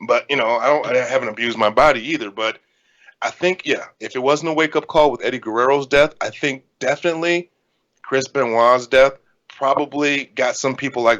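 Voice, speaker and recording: A man's voice: medium pitch, brisk, a bit bright, lo-fi sound. A man in his thirties, co-hosting a podcast and talking in a candid, rambling way. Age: 30s. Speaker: podcast co-host, indie wrestler. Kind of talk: casual podcast chat.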